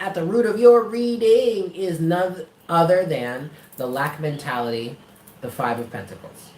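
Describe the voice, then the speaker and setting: A man's voice: fairly high pitch, a little slow, darkish tone, slight background noise. Man, live tarot reading, emphatic and blunt, profane, roomy echo. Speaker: tarot reader.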